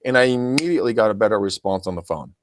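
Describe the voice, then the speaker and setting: A man's voice: on the low side, animated, racing, a little hiss or hum. A man coaching real estate agents in a casual podcast, chatty and full of restarts. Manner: chatty, stammering, addresses listeners as guys.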